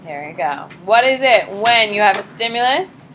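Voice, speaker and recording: A woman teaching a high school psychology class, blunt and lively, acting out examples in quoted voices. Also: normal speed, a little hiss or hum. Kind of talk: classroom lecture.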